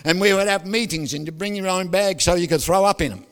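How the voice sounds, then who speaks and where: An older man, preaching a sermon with jokes, stories and sudden loud outbursts. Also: sits high, fast talker. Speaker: pastor. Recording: hall reverb.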